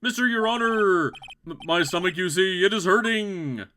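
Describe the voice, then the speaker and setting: A man's voice: high-pitched, normal speed, pushed and bright, a little hiss or hum. A man voicing a flustered, pompous male witness who stammers nervously, with game music underneath. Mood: whiny.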